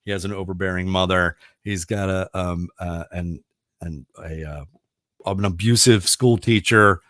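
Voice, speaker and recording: A man's voice: deep voice, steady tone, a little slow, fairly bright tone, no room sound, studio quality. A middle-aged man hosting a radio talk show, chatting casually and rambling with enthusiasm, full of fillers and restarts. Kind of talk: casual chat.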